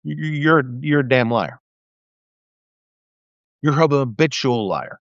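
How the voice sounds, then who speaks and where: Slow-paced and animated, a mid-range older male voice fires off an angry political rant on a livestream, swearing and mocking. When heated, he stammers and begins again. The lo-fi livestream sound is dull and dry, without echo.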